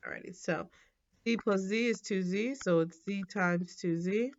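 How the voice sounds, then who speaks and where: Relaxed woman teaching math, lo-fi sound. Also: mid-range voice, moderate pace. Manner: relaxed, thinking aloud with frequent ums and self-corrections. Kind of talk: casual whiteboard lesson.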